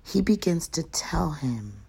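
A woman teaches from scripture in a hushed, breathy voice that often sinks to a half-whisper. She speaks slowly and deliberately, pitched a little low. Now and then she presses key lines with sudden emphasis. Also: big pitch swings. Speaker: devotional speaker. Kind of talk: Bible devotional teaching.

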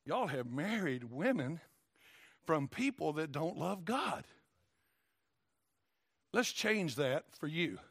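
Southern preacher, folksy and emphatic, bright gravelly voice, dry close sound. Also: male voice, sing-song, takes it slowly, pauses often, no room sound. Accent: Southern US, Tennessee. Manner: folksy, emphatic, swings from low asides to shouts. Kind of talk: sermon.

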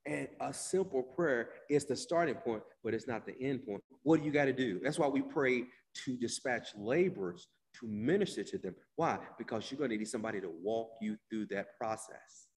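Man preaching with hushed-to-loud swings. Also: mid-range voice. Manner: drawn-out, repeated phrases, addresses listeners by name. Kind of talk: sermon. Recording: long hall reverb.

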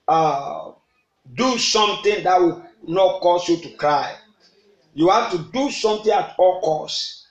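A man's voice: high voice, reverberant, low-quality recording. A man preaching a midnight prayer sermon, repeating phrases and prompting the congregation to answer, sometimes slipping into tongues. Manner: slips into rhythmic tongues. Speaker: pastor.

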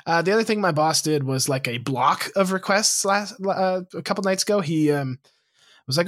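A man's voice: sits high, a bit bright, dry recording, clean studio sound. A young man co-hosting a casual podcast, joking, laughing often and acting out quoted lines. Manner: jokey, quick to laugh, acts out quotes. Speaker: podcast co-host.

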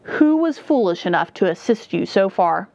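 A woman's voice: medium pitch, big pitch swings, moderate pace, gravelly, a little mellow, no room sound. A woman reading the part of a grave, resolute male necromancer in a firm voice. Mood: stern. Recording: dull, dry recording.

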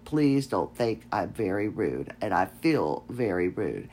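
A woman's voice: rumbling low, very animated, slow, a little mellow, a little hiss or hum. A woman hosting her own podcast, talking casually with a nasal voice and a chatty, rambling, self-laughing manner. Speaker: podcast host. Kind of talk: casual solo podcast talk.

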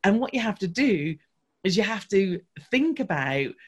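A woman speaking as a podcast guest, with a mid-pitched voice. She tells her story in an animated, rapid stream, doubling back and restarting as she goes. Her delivery stays conversational and candid throughout. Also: breathy edge. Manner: animated, fast-flowing storytelling with frequent restarts. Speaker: podcast guest, marketing coach.

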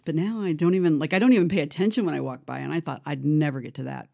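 Gravelly, dark-voiced woman sharing candidly. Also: low voice, very fast. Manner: frank, emotional, laughs at herself. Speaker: guest. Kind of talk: candid conversational storytelling.

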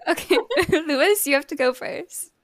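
A woman's voice: sits high, moderate pace, fairly bright tone, no room sound. A young woman co-hosting a podcast, teasing her friends in a playful, casual way. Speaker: podcast co-host. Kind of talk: casual chat.

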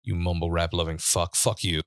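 Podcast host, man, lowish voice, dry close sound, loose and profane storytelling. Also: level tone, moderate pace, no echo. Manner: laid-back, profane, laughs often while telling stories. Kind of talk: casual storytelling chat. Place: studio.

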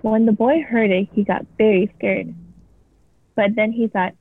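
A woman's voice: mid-range voice, steady tone, normal speed, gravelly, slightly rough, dry recording. A woman casually reading a scary story aloud as a podcast co-host. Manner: casual, swears freely. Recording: tinny phone-like sound.

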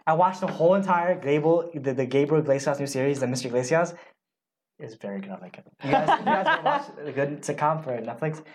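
A fast-talking man whose pitch swings all over as he chats. He packs his sentences with fillers. There is a faint hiss behind him. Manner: fast, filler-heavy, lively. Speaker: podcast co-host. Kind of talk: casual chat.

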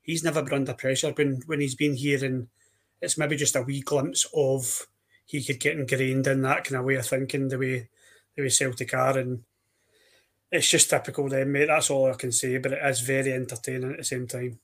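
A man with a Scottish accent co-hosting a football podcast, telling stories in a dry manner and now and then clearing his throat. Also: medium pitch, moderate pace. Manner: dry, even-toned storytelling with throat clearing. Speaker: podcast co-host. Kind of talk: casual football podcast chat.

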